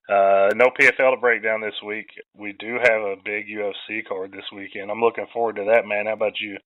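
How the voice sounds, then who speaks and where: A man hosting a casual sports podcast, laid-back and quick to laugh, swearing freely. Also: fairly low pitch, flat delivery, no echo, narrow, tinny audio. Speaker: podcast host. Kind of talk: casual chat.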